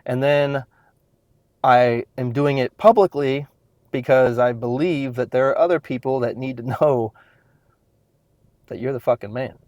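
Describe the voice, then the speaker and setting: A man's voice: medium pitch, steady tone, a little slow, long pauses, darkish tone, no room sound, highs cut off. A man in his thirties, a fitness trainer, talking intensely and bluntly to a podcast mic, swearing freely. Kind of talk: casual solo podcast monologue.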